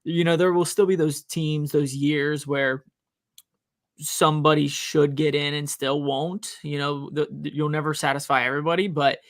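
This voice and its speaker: A man's voice: a little high, level tone, moderate pace, no room sound, clean studio sound. A man co-hosting a sports podcast, chatting casually and rambling with frequent restarts. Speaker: college professor, podcast co-host.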